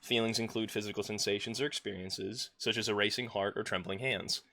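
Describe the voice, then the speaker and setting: A man's voice: on the low side, steady tone, a little fast, gravelly, bright, forceful tone, no room sound. A man reading a self-help workbook aloud on a live stream at home, now and then stopping to chat with his viewers. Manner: reads a text aloud and breaks off to chat with viewers and pets.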